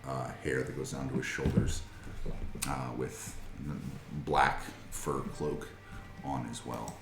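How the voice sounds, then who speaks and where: A man's voice: rumbling low, flat delivery, slow pace, reverberant, over music. A man narrating a tabletop game as game master, with many hesitant fillers.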